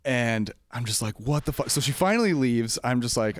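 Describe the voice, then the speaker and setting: A man's voice: mid-range voice, normal speed, no room sound. A man talking in an easygoing, rambling way, telling a long story about his job and jumping into other people's voices as he goes. His voice sits in a middle register. It is recorded close and dry, with no room sound. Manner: rambling, animated retelling with quoted voices. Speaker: comedy club manager. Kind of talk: casual storytelling chat.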